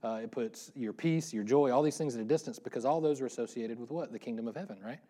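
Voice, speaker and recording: A middle-aged man preaches a relaxed, conversational sermon. He talks fast and breaks off into self-deprecating jokes before getting back on track. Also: mid-range voice. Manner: fast-talking, self-deprecating, joking asides. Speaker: pastor.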